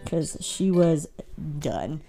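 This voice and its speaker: A woman's voice: low-pitched, very animated, very slow, gravelly, warm tone, soft background music. A woman co-hosting a casual chat, telling anecdotes, acting out quotes and laughing often. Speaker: podcast co-host.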